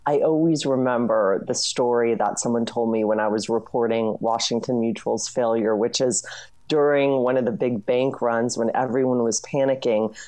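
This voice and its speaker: Woman, journalist, interview guest, very deep voice, mellow dark tone, brisk explainer. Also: steady tone. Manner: brisk, explanatory, frequent "you know" and "I mean". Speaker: author and journalist.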